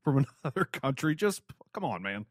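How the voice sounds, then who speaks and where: A man's voice: medium pitch, big pitch swings, a little fast, dry recording, studio quality. Blunt man co-hosting a boxing podcast. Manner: blunt, restarts often, laughs along. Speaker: podcast co-host. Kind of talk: casual boxing chat.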